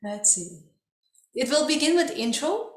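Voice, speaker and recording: A woman's voice: high voice, expressive, measured pace. A woman teaching a dance workshop, encouraging her students and calling out drum sounds along to the music. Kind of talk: online dance workshop instruction. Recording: echoey room with loud music. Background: loud music playing.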